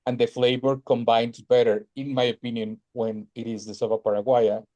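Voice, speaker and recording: A man's voice: medium pitch, flat delivery, normal speed, dark tone, dry recording. A man chatting on a video call, thoughtful, with fillers. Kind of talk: casual video call chat.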